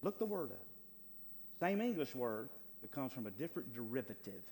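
A male pastor preaching a sermon with fervor, swinging between loud, stretched lines and hushed asides. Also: medium pitch, very animated, moderate pace. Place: church sanctuary. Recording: long hall reverb, faint hum.

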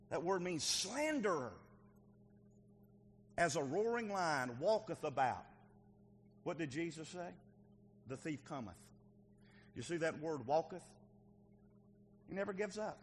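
A male pastor preaching a sermon to his church, moving from quiet teaching to shouted exhortation. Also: on the high side, animated, a little slow, long pauses, slightly rough, long reverb tail.

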